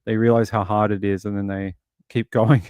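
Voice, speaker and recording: A man's voice: fairly low pitch, flat delivery, normal speed, darkish tone, clean tone, no room sound, studio quality. An Australian man hosting a livestream, chatting casually and rambling through stories while answering viewers. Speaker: livestream host.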